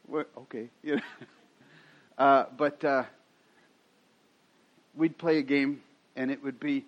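A man's voice: fairly high pitch, fairly even intonation, measured pace, pauses often. A middle-aged man preaching a sermon as a pastor, telling stories in a chatty way and laughing often. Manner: chatty storytelling with frequent laughs. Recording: dull lo-fi sound.

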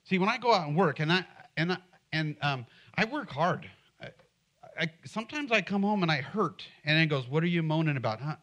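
A middle-aged man delivers a sermon in a loose, chatty way. He keeps asking the congregation questions. His voice sits a little high for a man. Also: animated, normal speed, a bit bright. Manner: conversational, humorous, asks the congregation questions. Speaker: pastor.

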